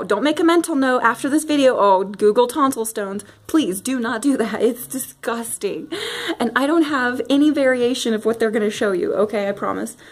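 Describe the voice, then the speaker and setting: A young woman vlogging a casual rant to camera at home, animated and giggly with lots of fillers. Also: a little high. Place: home, near bathroom.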